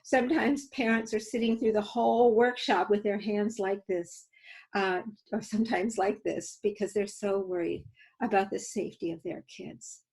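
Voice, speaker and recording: A woman's voice: mid-range voice, steady tone, normal speed, a little mellow, poor audio. A woman safety educator teaching a webinar over a video call, telling stories and coaching her audience through exercises in an earnest way. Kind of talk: webinar teaching with live demos.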